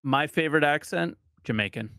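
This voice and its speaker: A man's voice: a little high, a little fast, gravelly, dry recording, studio quality. Rambling man from New Jersey. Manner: rambling, animated, self-deprecating. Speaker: streamer guest. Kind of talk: casual podcast chat.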